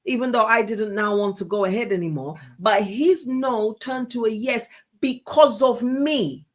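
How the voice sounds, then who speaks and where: A woman in her forties, co-hosting a chat show with her husband, telling an animated story and acting out what people said. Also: fairly high pitch, unhurried. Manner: animated storyteller, acts out quotes. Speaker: co-host, pastor's wife.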